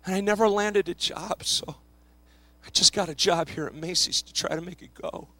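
A man doing a grieving young man whose voice drops low and soft. He speaks in halting, tearful bursts, with a close, dry sound. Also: fairly even intonation, dry recording. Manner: halting, quiet, breaking into short bursts.

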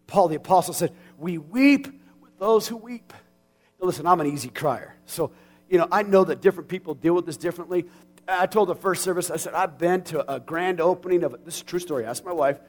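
A man in his forties preaches in a high, lifted voice. He talks in a plain, folksy way. He sinks to a near hush, then climbs to passionate shouts. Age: 40s. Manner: swings from quiet and intimate to shouting with passion. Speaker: pastor. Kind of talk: sermon.

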